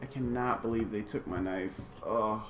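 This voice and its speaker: Jumpy and easily spooked, this let's play host from a gaming channel repeats himself and banters chattily with viewers, full of exclamations and self-deprecation. He speaks on the low side at a moderate pace, in a reverberant space with a noisy background.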